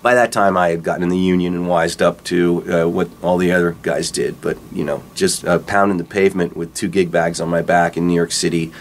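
Man, middle-aged, deep voice, rambling relaxed storytelling, guitarist interview. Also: fairly quick, few pauses, slight background noise. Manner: relaxed, rambling, acts out quotes with laughs. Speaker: rock guitarist telling his career story.

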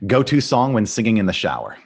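Male podcast host, low voice, upbeat and eager, runs a quick-fire question round. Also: very animated, vocal fry, breathy edge. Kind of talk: casual interview.

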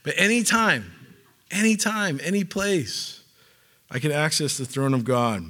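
A pastor delivers his sermon in a fairly high, forceful voice. He talks casually with fillers and asides, then builds to fervent emphasis. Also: expressive, a little slow.

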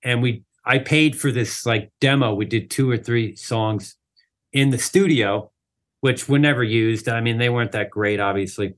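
This drummer, appearing as an interview guest, has a mid-range voice and talks at normal speed. His laid-back anecdote is full of "like" and "you know" fillers, and he performs the voices of the people in it with lively energy.

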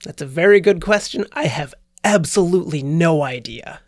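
Low gravelly woman player, dry mic. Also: lively intonation, moderate pace, darkish tone, no echo. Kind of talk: casual tabletop play chat.

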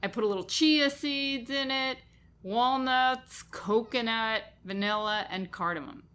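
A woman's voice: a little high, unhurried, a bit bright. Woman co-host chatting easy, playful, stretches out words. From New York. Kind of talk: casual chat.

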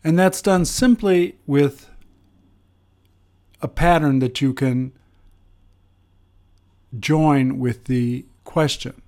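Slow, deliberate male English teacher. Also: fairly high pitch, darkish tone. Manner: slow, deliberate, with pauses and fillers. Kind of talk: explaining grammar lesson.

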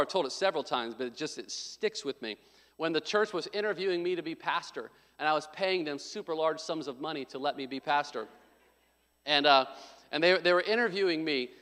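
Man preaching in a reverberant church. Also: sits high. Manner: conversational storytelling, swings from hushed to emphatic. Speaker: pastor. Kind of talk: sermon. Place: church sanctuary.

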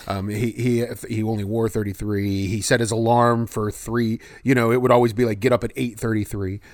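A man's voice: fairly low pitch, level tone, normal speed, dry recording. A man co-hosting a casual podcast chat, rambling with many false starts. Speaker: podcast co-host.

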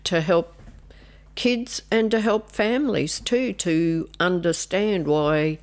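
Slow, low-voiced older woman. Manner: slow, hesitant, with many ums and soft asides. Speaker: nun and retired educator guest. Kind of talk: casual podcast chat.

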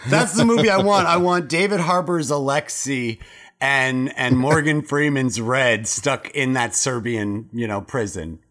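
A man hosting a casual podcast chat, talking in an animated way, ranting and swearing freely. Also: mid-range voice, a little slow. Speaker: podcast host.

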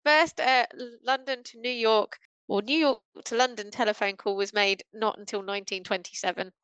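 A woman's voice: medium pitch, steady tone, moderate pace, fairly bright tone, clear, resonant tone, no echo, low-quality recording. A woman guest on a podcast, chatting casually and playfully acting out lines. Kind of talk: casual chat.

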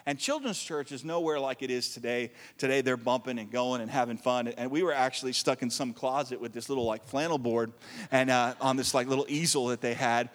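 A man's voice: mid-range voice, fairly quick, big-room sound. A man preaching a sermon as pastor, reading scripture with joking asides and calling on the congregation to answer back. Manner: animated preacher, joking asides and call-and-response.

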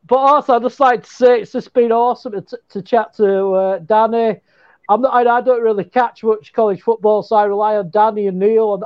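A man's voice: high voice, highs cut off. A British man on a casual sports podcast, cheerful and chatty, calling people mate. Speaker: podcast contributor.

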